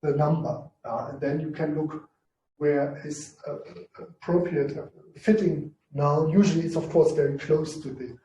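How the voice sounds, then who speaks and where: Man teaching Greek, high mellow voice, hesitant, lots of fillers, echoey room away from the mic. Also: fairly even intonation, normal speed, recorded from a distance, slight background noise. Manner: hesitant, many fillers and restarts. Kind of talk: informal online lesson.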